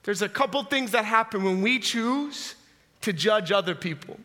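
A man in his thirties preaching a sermon, telling animated stories and challenging the listeners directly. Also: sits high, normal speed. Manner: animated storytelling, direct and confrontational. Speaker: pastor. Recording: long reverb in a large hall.

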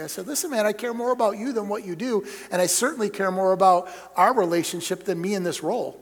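High-voiced preacher in a reverberant hall. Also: male voice, animated, fast talker. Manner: storytelling, emphatic then dropping to soft asides. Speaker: denominational superintendent preaching to pastors. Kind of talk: sermon.

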